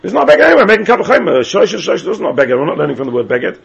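The man leading this Talmud class talks rapid-fire, his slightly high, gravelly, husky voice making big pitch swings. He chants in a sing-song lilt and presses his students with the same question repeatedly, and the lo-fi recording sounds dull.

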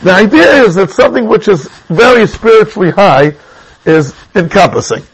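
A man's voice: high-pitched, expressive, normal speed, husky, rough recording. A man teaching a class on a religious text, reading passages in Hebrew and explaining them in chatty English. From England. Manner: mixes Hebrew and Yiddish terms into English, chatty. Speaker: Torah teacher.

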